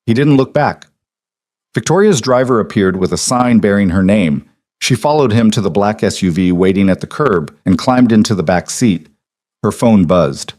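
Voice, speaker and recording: Calm low-voiced male story narrator. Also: moderate pace, no echo, clean studio sound.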